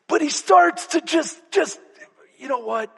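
A Texan male pastor telling a story in his sermon, animated and conversational, swinging between loud bursts and hushed asides. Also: very high voice, a little slow, creaky. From Texas. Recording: long reverb of a church hall.

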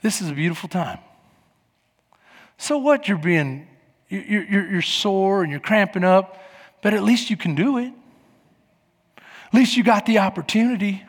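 A man in his forties preaching a sermon as pastor, telling stories with lively acted-out voices and shouts. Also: high-pitched, moderate pace, pauses often, long reverb tail. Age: 40s. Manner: animated storytelling, acting out voices and shouts. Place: church.

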